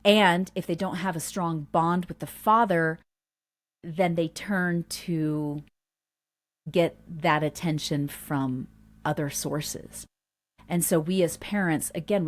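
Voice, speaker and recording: A woman in her forties leads a parenting workshop in an earnest, heartfelt way. Her voice sits on the low side for a woman. She often acts out short family stories and quotes as she goes. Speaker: homeschool workshop host.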